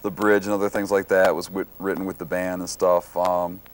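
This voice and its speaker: A man's voice: sits low, little pitch movement, normal speed. A laid-back man from Detroit, a band musician, talking casually in an interview and searching for his words. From Detroit, USA.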